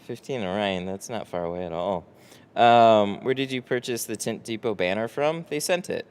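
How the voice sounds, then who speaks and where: A man's voice: fairly low pitch, normal speed, a little mellow, clear, resonant tone. A man running a casual live stream from his tint shop, reading chat aloud, tired and rambling with casual swearing. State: tired, no coffee.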